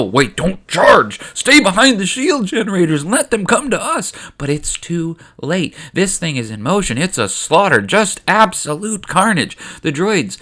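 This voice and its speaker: A man's voice: medium pitch, a bit bright. A man hosting a video, narrating a made-up story in a casual, wry, offhand way. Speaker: host and narrator.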